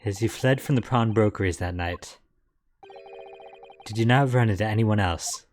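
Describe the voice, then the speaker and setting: A man's voice: lowish voice, normal speed, a little hiss or hum, lightly acted. A man voicing an earnest young male defense lawyer, probing witnesses in a fan reading of a game. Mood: pressing.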